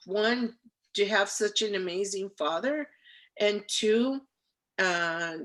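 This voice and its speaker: A middle-aged woman, a labor organizer, telling her story as an interview guest in a lively, emotional way, with many pauses and fillers. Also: medium pitch. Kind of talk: conversational storytelling.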